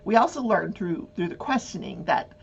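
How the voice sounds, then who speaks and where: A woman hosts a casual true-crime talk, animated and quick to act out the people she describes. Her voice is husky and moves lively up and down. The recording sounds dull and lo-fi. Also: fairly low pitch. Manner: animated, acts out voices and swears. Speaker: talk show host.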